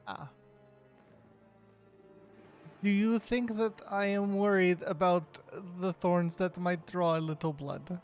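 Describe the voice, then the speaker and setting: A woman voicing a calm, rational male adventurer in a tabletop game, speaking patiently and a little haltingly. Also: on the low side, faint music behind, lightly acted. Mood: puzzled. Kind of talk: in-character tabletop role-play.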